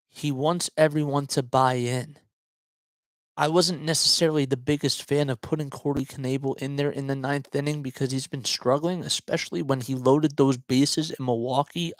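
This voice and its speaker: A man hosting his own sports talk show in a loose, chatty way, wandering off track and picking his thoughts back up mid-sentence. His voice sits at an everyday middle pitch. The sound is dry and close, with almost no room echo. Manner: rambling, chatty, often restarts and digresses. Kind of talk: casual solo sports commentary.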